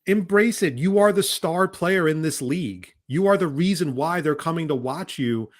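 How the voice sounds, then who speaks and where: A man with a somewhat high voice co-hosts a casual podcast chat. He rants in an exasperated, heated way, swearing freely as he vents. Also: lively intonation, moderate pace. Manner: heated, exasperated ranting with profanity; often mimics other people's voices. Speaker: podcast co-host.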